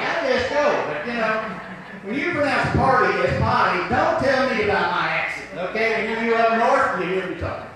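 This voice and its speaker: High-voiced Southern preacher, echoey hall. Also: male voice, expressive, moderate pace, recorded from a distance, noisy background. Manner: folksy, rhetorical questions. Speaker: pastor. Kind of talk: sermon.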